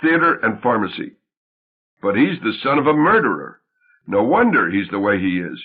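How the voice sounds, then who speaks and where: A man voicing an emotional young wife, tender and anxious, whose voice rises with excitement, in a tinny, phone-like recording. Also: on the low side, normal speed, breathy edge. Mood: exasperated.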